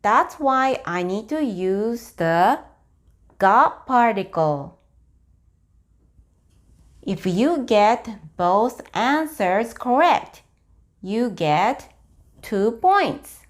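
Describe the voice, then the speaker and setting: A woman with a Japanese accent teaching a language lesson, speaking very slowly and deliberately and breaking sentences into pieces. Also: a little high, big pitch swings. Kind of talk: slow, clear online language lesson.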